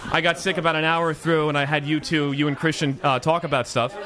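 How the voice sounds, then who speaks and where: A man's voice: a little high, fairly even intonation, brisk, crowd noise. A man hosting a casual podcast chat, rambling and joking about himself. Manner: rambling, joking, self-deprecating. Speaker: podcast host.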